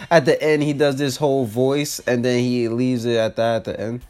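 A comedian from New Jersey, congested and sick, hosting a casual solo podcast, swearing freely, mocking himself and laughing often. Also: male voice, mid-range voice, level tone, moderate pace, a little mellow. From New Jersey, USA.

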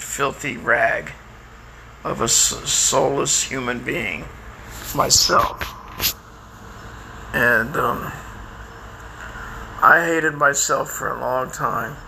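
An older man talking in a rambling, halting personal monologue, with many restarts and fillers. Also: medium pitch, creaky, sharp tone, slight background noise, low-quality recording. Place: outdoors by a house, lawnmower nearby.

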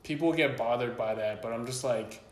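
A man's voice: medium pitch, moderate pace, echoey room. A man hosting a podcast in casual chat, loose and meandering with many restarts. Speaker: podcast host.

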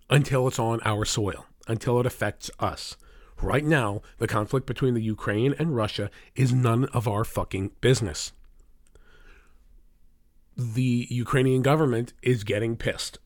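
A man rants through a sarcastic, profanity-laced political commentary, combative from start to finish. His voice sits at a typical middle pitch for a man. The recording is dry and close, with no room sound. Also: dry recording. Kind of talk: opinion rant.

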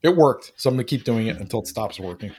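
A man co-hosting a writing podcast, talking in a thoughtful, unhurried way and searching for words. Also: mid-range voice, animated, darkish tone, breathy edge. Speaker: podcast co-host. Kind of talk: casual chat.

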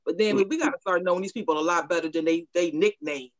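A woman's voice: on the low side, fast, muffled recording, a loud crowd. A middle-aged woman telling a personal story candidly in a casual group chat, laughing often.

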